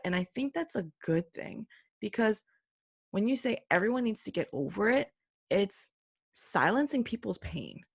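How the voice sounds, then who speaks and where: Earnest woman with a gravelly edge. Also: fairly low pitch, dry recording, clean studio sound. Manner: earnest and emphatic, mimics others in quick put-on voices. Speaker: podcast host. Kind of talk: opinionated solo commentary.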